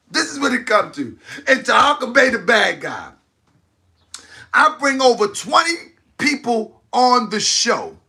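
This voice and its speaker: A man's voice: very high voice, bright, forceful tone. A man hosting a livestream commentary show, talking to his viewers, exclaiming and laughing often. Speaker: host of an online talk channel.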